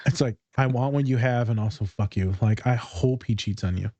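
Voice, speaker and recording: A man's voice: medium pitch, brisk, dark tone, no echo. A man co-hosting a casual podcast chat, a therapist who talks about his clients with profane, joking retellings.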